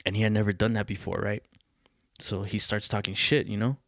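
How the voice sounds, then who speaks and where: Podcast host, male, lowish voice, dry close sound; swearing, animated storyteller. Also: fairly quick, gravelly, no room sound. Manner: profane, animated, acts out quoted voices. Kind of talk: casual storytelling.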